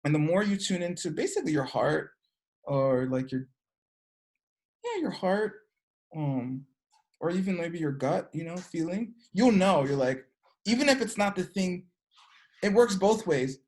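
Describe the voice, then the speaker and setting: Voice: big pitch swings, a little slow, pauses often, a little mellow. Energy work teacher, casual class talk, filler-heavy, acts out characters. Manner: chatty, peppered with "like" and "you know"; acts out characters with sudden pitch jumps.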